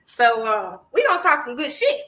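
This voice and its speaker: A woman's voice: a little high, huge pitch swings, moderate pace, pushed and bright, rough recording. A woman hosting a podcast, chatty and hyped, swearing casually. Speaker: podcast host.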